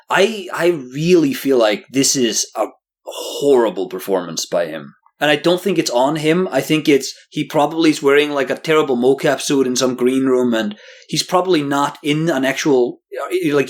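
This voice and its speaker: A man co-hosting a casual podcast discussion, giving joking, animated critical opinions. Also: medium pitch, normal speed. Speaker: podcast co-host.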